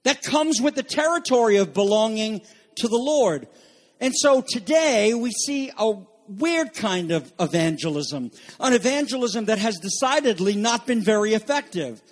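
A man with a high voice preaches with urgency. He presses his points by repeating phrases, asks his listeners questions, and drops from loud warnings to low, quiet lines. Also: animated, moderate pace. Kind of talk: sermon.

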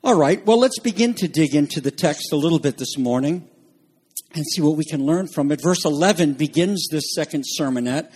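A man's voice: on the high side, lively intonation, brisk, a little mellow, slightly rough. A man preaching a sermon as pastor, reading scripture and explaining it earnestly, stressing key phrases with fillers and asides.

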